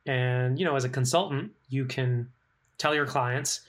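A middle-aged man talking as an interview guest, telling his career story in lively fashion and acting out quoted voices. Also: mid-range voice, measured pace. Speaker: guest, legal operations professional. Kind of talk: conversational interview.

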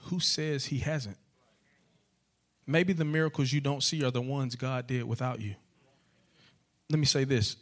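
A man preaching a sermon, asking rhetorical questions again and again and building to loud, repeated calls. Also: mid-range voice, fairly even intonation, normal speed, long pauses. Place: church sanctuary.

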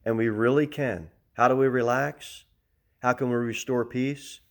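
A middle-aged man giving a sermon as pastor, animated, shifting between loud emphasis and soft, calm talk. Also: mid-range voice, a little slow.

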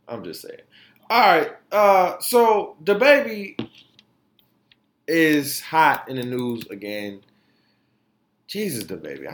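A man's voice: mid-range voice, fairly bright tone. A man hosting a podcast, giving blunt, profane opinion commentary in a heated, ranting way and sometimes stumbling over his words. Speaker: podcast host.

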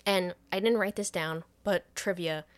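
A podcast co-host with a lowish voice and normal speed walks through a movie plot in easygoing chat. Her retelling is animated and full of swearing, and she quotes characters along the way.

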